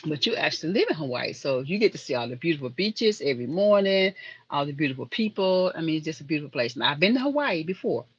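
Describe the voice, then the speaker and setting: A woman's voice: sits low, sing-song, quick pace, husky, dull audio. A woman hosting a casual live stream, chatting and rambling to viewers in the chat. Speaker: livestream host.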